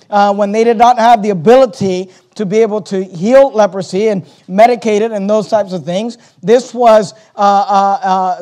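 A man preaching from the pulpit in a high, ringing voice. He leans hard on scripture lines and stretches out the words he wants to land. Then he rattles off quick side remarks to the congregation. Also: dark tone. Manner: preaching, reading King James scripture aloud with emphasis; slows down to stress key words, rushes asides. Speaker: pastor. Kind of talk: sermon.

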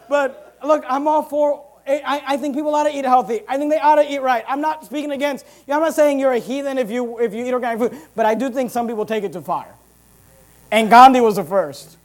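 A pastor preaching a sermon in an emphatic, punchy style with big loud swings. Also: male voice, very high-pitched.

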